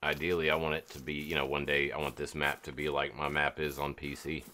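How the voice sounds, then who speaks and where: A man's voice: very deep voice, brisk, slight background noise. A man streaming a hunting game, chatting casually and reading out viewer messages as he plays. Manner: relaxed, chatty, reads out viewer chat. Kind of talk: casual live-stream commentary.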